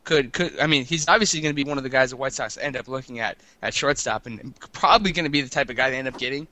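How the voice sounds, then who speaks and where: Fast-talking bright-voiced man co-hosting sports talk. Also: mid-range voice, no room sound. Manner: rambling, stammering restarts, teasing. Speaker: podcast co-host.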